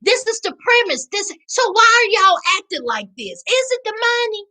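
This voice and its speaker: Southern lady live-chatting a recap, real high bright voice, sassy and loud, calls everybody honey. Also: normal speed, low-quality recording. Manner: sassy, animated, calls viewers child and honey. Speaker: livestream host reading chat. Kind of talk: casual live chat recap.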